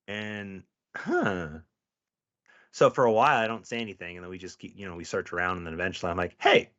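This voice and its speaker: A man's voice: low voice, fairly quick. A man, a podcast co-host and police officer, telling stories in casual chat, cursing freely and acting out the people he quotes. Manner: profane, animated, acts out quoted people. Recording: dull lo-fi audio.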